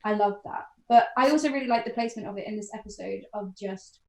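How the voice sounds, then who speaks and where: A woman co-hosting a casual podcast chat, talking with animated enthusiasm and laughing often. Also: mid-range voice, fast, roomy sound, low-quality recording. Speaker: podcast co-host.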